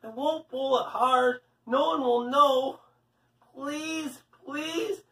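A man's voice: very high-pitched, slow, pushed and bright, voice pushed up, full character voice. A man voicing a mischievous schoolboy who whines and begs while reading a story aloud. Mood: pleading. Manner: whiny, begging. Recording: echoey room, mic at a distance.

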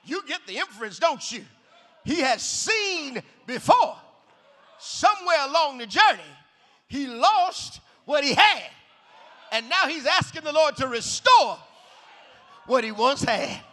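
A man preaching a shouted revival sermon in a large church, hollering in a rhythmic call-and-response style. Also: extremely high pitch, big pitch swings, measured pace, long pauses. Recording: echoey hall reverb.

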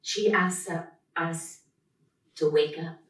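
Woman introducer, warm and enthusiastic, unhurried podium delivery, roomy distant sound. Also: on the low side. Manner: enthusiastic, heartfelt. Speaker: professor introducing a poet. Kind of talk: live event introduction speech. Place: lecture room at a reading. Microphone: podium mic. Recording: echoey hall, distant mic.

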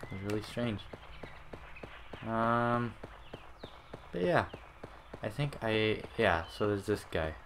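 A man's voice: on the low side, lively intonation, slow pace, pauses often, fairly bright tone, a little hiss or hum. A man hosting a casual let's-play, rambling with many fillers and restarts. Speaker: gaming channel host.

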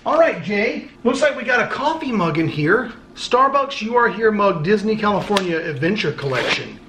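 Vlogger, male, high bright voice, loose and profane, reads fan mail aloud. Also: big pitch swings, moderate pace, slight background noise. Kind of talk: casual unboxing chat.

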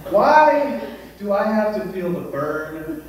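Young stand-up comic in an echoey club. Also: male voice, high-pitched, slow pace, distant mic. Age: young adult. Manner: deadpan, then shouting in mock rants. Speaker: stand-up comedian. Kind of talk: stand-up comedy set. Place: comedy club stage. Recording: very echoey club room from afar.

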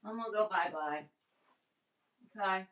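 A woman's voice: medium pitch, unhurried, muffled recording. A woman at home casually talking to her pet bird in an affectionate, coaxing way, hosting a livestream. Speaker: parrot owner hosting a livestream. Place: indoors at home. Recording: roomy home audio picked up from a distance.

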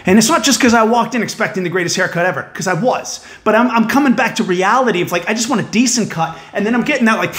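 A man telling a profane story as a stand-up comedian, animated and building to yelling. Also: high-pitched, fast talker, hardly any pauses. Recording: echoey room.

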